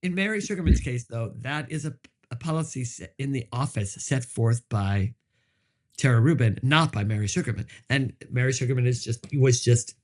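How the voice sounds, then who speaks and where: A man's voice: medium pitch, normal speed. A man, a working actor, telling audition stories in casual chat, with many restarts and acted-out quotes. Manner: animated storyteller, restarts, acts out quotes.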